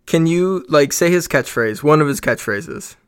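Guy with a bit of a high voice poking fun at his cohost, dry and teasing. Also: animated, normal speed, clean tone. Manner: teasing, dry ribbing questions. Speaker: sports podcast co-host. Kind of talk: casual sports chat.

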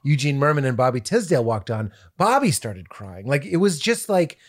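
A middle-aged male comedian telling an animated story in a podcast conversation, jumping into high-pitched impressions. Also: normal speed. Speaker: comedian guest.

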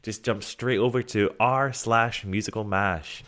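A man's voice: fairly low pitch, fairly even intonation, unhurried, a bit bright. A man, co-hosting a podcast in playful, giggly banter. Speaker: podcast co-host. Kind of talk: casual chat.

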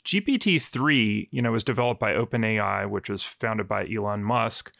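Gravelly man reporting on a news podcast. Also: fairly low pitch, normal speed, no room sound, clean studio sound. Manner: relaxed, explanatory, joking.

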